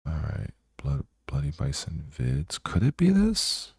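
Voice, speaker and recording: A man with an extremely deep, gravelly voice mumbles slowly as he searches through old videos. The recording is close and dry, with no room sound. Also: huge pitch swings, a little mellow, no room sound. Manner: slow, mumbling, searching aloud. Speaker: channel host. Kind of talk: casual vlog commentary.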